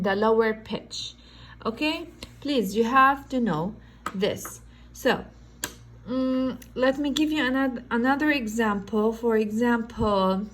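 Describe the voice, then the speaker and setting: Slow-paced woman teaching a science lesson. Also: fairly high pitch, rough recording. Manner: slow, explanatory, repeats "okay?" to check understanding; non-native English phrasing. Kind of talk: recorded online lesson.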